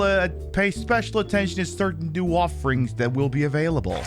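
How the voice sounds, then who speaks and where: Animated, profane streamer man. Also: fairly high pitch, brisk, music in the background. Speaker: streamer host. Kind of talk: casual live-stream game commentary.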